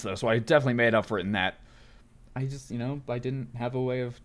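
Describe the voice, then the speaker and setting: A man's voice: mid-range voice, quick pace. A man casually commentating while he plays a video game, joking and reading on-screen text aloud. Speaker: gaming video host. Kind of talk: casual let's play commentary.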